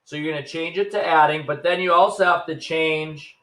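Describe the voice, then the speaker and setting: A man with a slightly raised pitch teaches a recorded math lesson. He sounds casual and upbeat and talks to his students as if they were in the room. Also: fairly even intonation, brisk, a bit bright.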